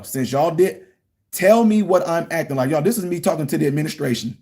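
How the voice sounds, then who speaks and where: Emphatic storytelling man, higher voice. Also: brisk. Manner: emphatic and animated, quotes others. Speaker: hospital worker and vlogger. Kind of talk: casual storytelling monologue.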